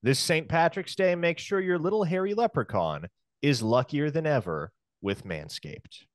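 A man's voice: a little high, lively intonation, moderate pace, no echo, clean studio sound, voice pushed up, natural voice. A man doing a playful mock Irish accent as a theatrical ad reader, the brogue drifting toward Scottish. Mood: hammy. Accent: mock Irish slipping toward Scottish.

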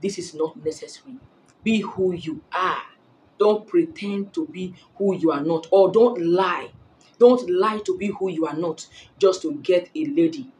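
A woman's voice: lowish voice, a little slow, darkish tone, a little hiss or hum, rough recording. A woman giving blunt dating advice straight to camera, emphatic and preachy, repeating her points for stress. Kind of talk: direct-to-camera advice talk.

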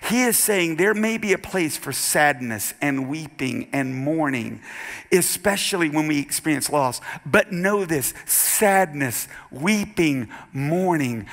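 A male pastor preaching a sermon in a church, building from quiet emphasis to shouted, half-sung refrains. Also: a little high, lively intonation, slow. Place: church sanctuary with keyboard accompaniment. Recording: live church service with music behind. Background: keyboard music.

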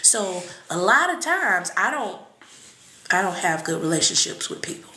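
Blunt, animated woman in an echoey room. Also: lowish voice, moderate pace. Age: adult with children. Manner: blunt, profane, animated, with sudden shouts and laughs. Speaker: psychic reader on a live stream. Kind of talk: casual live-stream talk.

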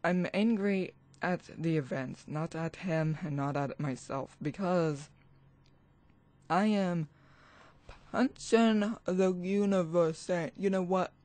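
Slow, agitated ranting vlogger. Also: mid-range voice, a little mellow, no room sound. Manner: agitated, rambling, restarts sentences, swears. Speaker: spiritual vlogger. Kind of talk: ranting vlog monologue.

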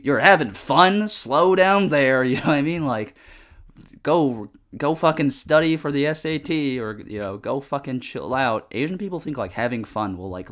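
A man's voice: medium pitch, a bit bright. A young man chatting casually while playing a game, rambling with lots of fillers and swearing at the game. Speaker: gaming vlogger. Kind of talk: casual chat over gameplay.

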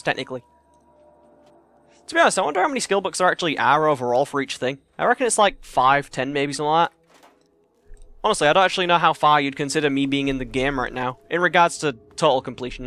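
A young man chatting casually and profanely while playing a game in his cramped bedroom, rambling and jokey, yelling in a panic when enemies attack. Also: a little high. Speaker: let's play gamer. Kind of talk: casual gameplay commentary.

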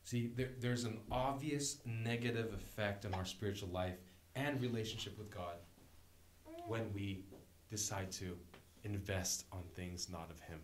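A man's voice: lowish voice, slight background noise. A man preaching a sermon as a guest speaker, talking in a conversational, joking way and laughing often. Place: church sanctuary. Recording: echoey church room.

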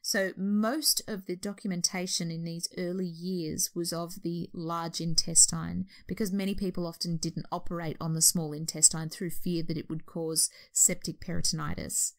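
A woman's voice: on the low side, little pitch movement, normal speed, few pauses. An Australian woman, a nurse educator, explaining a history topic in an informal way, correcting herself as she goes. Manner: explanatory, with restarts and self-corrections.

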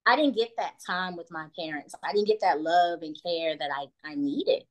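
A young woman chatting as a podcast guest, giggly and animated, often dropping into quoted voices. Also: lowish voice, normal speed, poor audio. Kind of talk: casual chat on a call.

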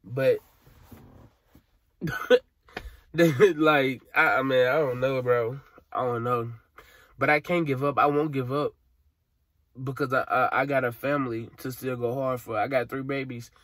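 Young dude from venting, teary, cussing, rambling, mid voice, dry sound. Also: male voice, mid-range voice, fairly even intonation, unhurried, pauses often, a bit bright, no room sound. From Alabama, USA. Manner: frustrated, rambling, profane, slangy. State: tearful. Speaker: vlogger. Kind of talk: emotional vent to camera.

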